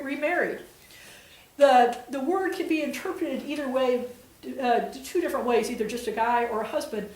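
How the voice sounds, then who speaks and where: A woman's voice: sits high, echoey room, recorded from a distance, rough recording. A woman guest preacher giving a conversational sermon, retelling scripture in casual everyday voices.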